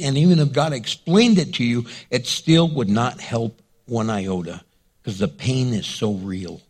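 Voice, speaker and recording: A man's voice: medium pitch, moderate pace, breathy edge. A male pastor preaching a sermon in a dramatic way, acting out scenes and quotes.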